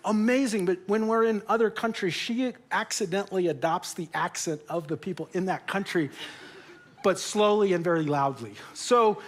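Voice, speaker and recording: A man's voice: high voice, moderate pace. A middle-aged man preaching a sermon in a church, telling stories with jokes and sometimes getting emotional. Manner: storytelling, jokey, turns emotional. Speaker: pastor. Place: church auditorium.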